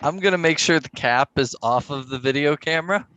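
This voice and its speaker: A man's voice: on the high side, brisk, bright, forceful tone. A man playing a tabletop game, talking casually and a little uncertainly. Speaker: player. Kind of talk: tabletop role-play.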